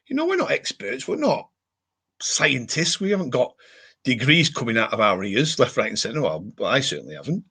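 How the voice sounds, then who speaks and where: A man's voice: medium pitch, normal speed, slightly rough. A middle-aged man hosting a casual home live stream, ranting and reading out viewer comments. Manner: ranting, animated, reads viewer comments aloud.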